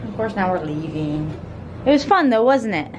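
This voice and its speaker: A woman's voice: medium pitch, big pitch swings, moderate pace, slight background noise. A woman chatting casually to her camera on a family trip, laughing often and talking to her young child. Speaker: family vlogger, mother. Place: lakeside rental then small beach, outdoors and indoors.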